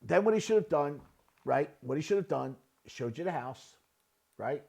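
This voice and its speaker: Blunt builder type, high gravelly male voice, repeats "right?" as he critiques. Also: lively intonation, moderate pace, darkish tone. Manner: blunt, repetitive, asks "right?" often. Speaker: real estate builder reviewing a listing. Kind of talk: casual screen-share commentary.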